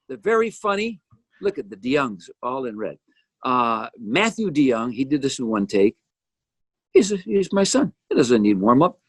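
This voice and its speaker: A man's voice: on the high side, no echo. An older man giving casual, joking commentary on his own music video, with teasing asides about each person on screen. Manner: jokey, animated, teasing asides. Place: home.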